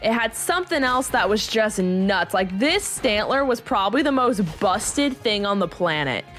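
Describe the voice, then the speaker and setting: A young woman giving bubbly, animated gameplay commentary as a video creator, laughing often. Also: medium pitch, normal speed, soft background music.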